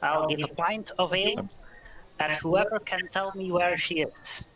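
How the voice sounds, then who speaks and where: A man voicing a loud, rough-voiced thug who calls out across a tavern in a tabletop game. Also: sits high, unhurried, voice pushed up, rough recording. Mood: demanding. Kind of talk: tabletop game role-play.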